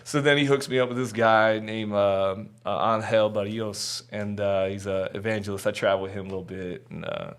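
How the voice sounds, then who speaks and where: A man's voice: fairly low pitch, steady tone, normal speed, hardly any pauses, a bit bright, clear, resonant tone. A man guest on a podcast, telling his personal testimony in an earnest, candid, chatty way with frequent fillers.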